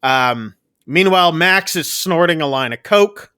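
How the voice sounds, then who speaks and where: A man co-hosting a casual talk show, recapping a story in a loose, rambling way with many fillers and quick jokes. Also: fairly high pitch, lively intonation, pushed and bright, clear, resonant tone, no room sound, studio quality. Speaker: podcast co-host reviewing a film. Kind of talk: casual chat, recapping a plot.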